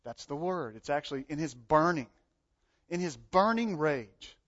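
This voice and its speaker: A man preaching a sermon in a fairly high voice, animated and dramatic. He acts out the voices in the text and swings between loud and soft. The recording sounds dull and lo-fi. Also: unhurried.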